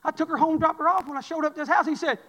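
A man preaching a sermon, telling folksy stories and swinging from loud cries to low murmurs. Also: racing, in a large hall, lo-fi sound.

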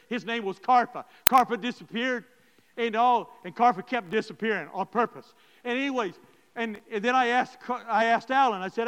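A pastor preaches with a high, bright voice. He keeps turning to his congregation to stress his point. Long reverb from the hall trails after each phrase. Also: slight background noise. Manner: emphatic preacher addressing the congregation directly. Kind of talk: sermon storytelling.

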